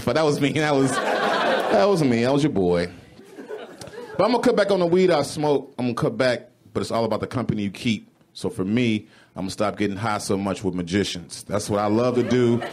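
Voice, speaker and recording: A man doing a stand-up comedy set on a club stage, animated and profane, often jumping into high, exclaimed voices. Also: background noise. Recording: live club recording with crowd. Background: audience laughing.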